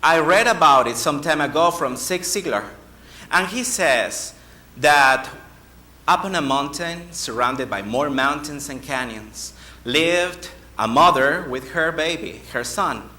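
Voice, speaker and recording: A man giving a speech-contest oration, slow and emphatic, with dramatic pauses. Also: on the high side, expressive, pushed and bright. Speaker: contest speaker. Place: hall. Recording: echoey hall.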